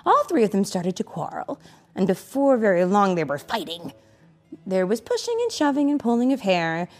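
Mother reading a picture book, animated. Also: medium pitch, faint music behind. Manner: animated, pauses to ask the child questions. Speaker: mother reading to her child.

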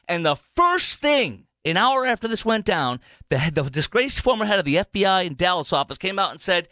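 A man's voice: high voice, animated, a little fast, sharp tone, no echo. Male talk radio host, rambling opinionated monologue, dry close studio sound. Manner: rambling, digressive, mocking impressions.

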